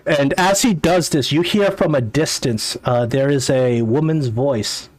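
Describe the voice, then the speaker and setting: A man's voice: medium pitch, takes it slowly, no echo. A man running a tabletop game as game master, narrating with hesitant fillers.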